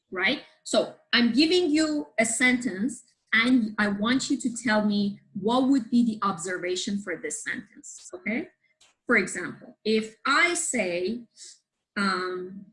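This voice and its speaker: A woman who is a guest on a show, explaining a book's ideas to a live group in a lively way and often asking her listeners questions. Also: mid-range voice, poor audio. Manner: lively, checks in with listeners, asks the audience questions.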